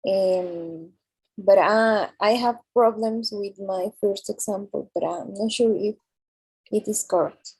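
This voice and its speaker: Slow, hesitant woman student, breathy. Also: medium pitch, fairly even intonation, darkish tone, low-quality recording. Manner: hesitant, many fillers. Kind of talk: reading and explaining answers in class.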